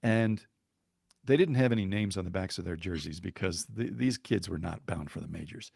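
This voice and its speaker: A man telling a story on a podcast in a lively, chuckling way, with fillers and restarts along the way. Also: low voice, moderate pace, creaky, slightly rough, dry recording, studio quality. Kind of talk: conversational storytelling.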